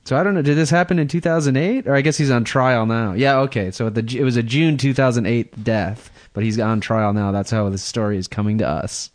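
A man's voice: medium pitch, a little fast, hardly any pauses. Man in his thirties, casual podcast host. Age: 30s. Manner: laughing storyteller, acts out voices. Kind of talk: casual chat.

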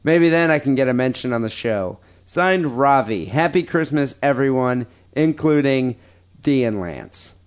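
Profane podcast host reading listener mail. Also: male voice, medium pitch, animated, unhurried, smooth. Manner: crude, profane, laughing banter. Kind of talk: casual podcast chat reading listener emails.

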